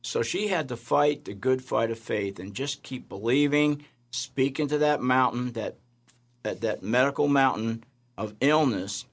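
A man, a chaplain, telling faith-healing testimonies in an animated way, acting out the voices of the people in his stories. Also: mid-range voice, unhurried, creaky. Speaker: chaplain, guest. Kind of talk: storytelling testimony.

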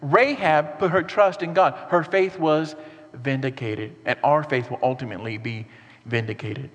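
A pastor preaching a sermon in an earnest, animated way, with rhetorical questions and repeated phrases. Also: male voice, medium pitch, moderate pace, long reverb tail.

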